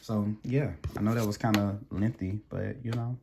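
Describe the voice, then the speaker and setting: A man's voice: fairly low pitch, steady tone, moderate pace, vocal fry, noisy background. A man giving a casual tarot reading, rambling and restarting his words as he talks straight to the viewer. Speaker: tarot reader.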